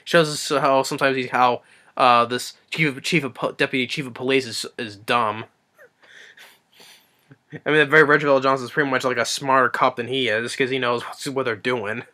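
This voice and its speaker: Picture a man with a bright, forceful voice and a smooth, crisp tone, walking through a movie scene by scene. He rambles along eagerly and slips into the characters' quoted lines as he goes. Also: mid-range voice, steady tone, moderate pace. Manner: rambling and enthusiastic, acts out quotes. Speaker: movie reviewer. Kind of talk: casual movie plot recap.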